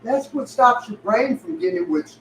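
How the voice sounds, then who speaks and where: High-voiced guy cussing up a storm, mic far off, roomy echo. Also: moderate pace, a bit bright. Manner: rowdy, swears heavily, tells stories acting out both sides. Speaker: podcast co-host. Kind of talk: profane casual chat. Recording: echoey room, far from mic, faint hiss.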